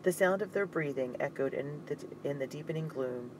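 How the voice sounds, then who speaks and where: A man narrating an audiobook in a steady, suspenseful reading. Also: fairly high pitch, a little fast, few pauses, background noise.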